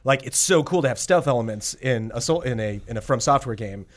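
A man's voice: medium pitch, animated, fairly quick. A man from California chatting casually, thoughtful and hedging with many fillers. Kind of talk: casual chat.

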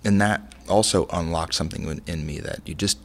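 A middle-aged chef and restaurant owner with a deep voice talks a little fast in a casual interview. He rambles through animated stories, restarting often.

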